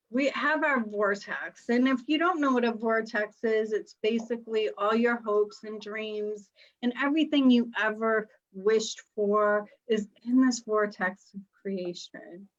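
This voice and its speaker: A woman's voice: medium pitch, highs cut off. A middle-aged woman hosting a live online panel, talking in an upbeat, chatty way about spiritual ideas. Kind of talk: casual panel talk.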